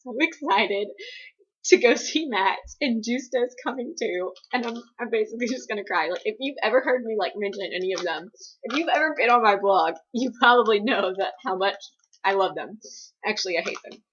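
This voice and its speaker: A young woman from the US East Coast chats through viewer questions on her vlog, her voice slightly breathy and husky. She rambles, fills her sentences with "like," and turns self-deprecating, all over a dull, lo-fi home recording. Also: mid-range voice, lively intonation, a little fast, a bit bright. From East Coast United States. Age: young adult. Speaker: vlogger answering viewer questions. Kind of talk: casual Q&A vlog.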